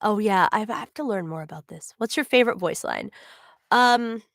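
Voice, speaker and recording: A woman's voice: mid-range voice, normal speed, creaky, fairly bright tone, no room sound, studio quality. A young adult woman, a voice actor, chatting casually on a livestream, answering fan questions with many ums and giggles.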